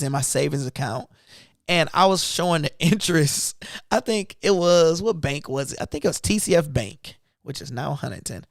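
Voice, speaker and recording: A man's voice: on the high side, dry recording, studio quality. A man hosting an investing channel, chatting loosely about his trades in casual speech. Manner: loose and conversational, talking through trades. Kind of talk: casual livestream chat.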